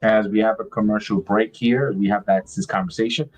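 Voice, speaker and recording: A man's voice: lowish voice, fairly even intonation, poor audio. Rambling man hosting a wrestling watch-along. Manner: rambling, halting, many restarts. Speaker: podcast host. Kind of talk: casual live watch-along chat.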